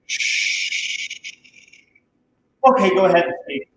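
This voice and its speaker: Improv comic, man, high voice, echoey home room, mock-earnest. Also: animated, brisk, fairly bright tone, slight background noise. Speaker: improv performer. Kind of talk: improv comedy over video call. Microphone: video call.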